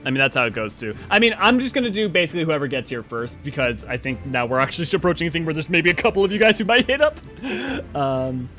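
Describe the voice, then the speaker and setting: A man's voice: on the high side, very animated, fast, pushed and bright, soft background music. A man hosting a game live stream, chatting casually with viewers in a rambling way while he organizes a group. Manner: rambling, talks to chat while organizing a party.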